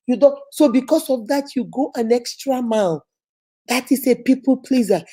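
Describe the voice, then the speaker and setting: A woman's voice: on the high side, warm tone. A woman giving a repetitive, emphatic motivational talk about self-help.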